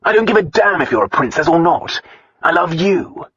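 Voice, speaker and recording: A man reading an audiobook, voicing an arrogant nobleman husband who is gruff, blunt and dryly teasing. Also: a little high, animated, normal speed, a bit bright, highs cut off, voice pushed up, heavily acted. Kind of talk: audiobook dialogue.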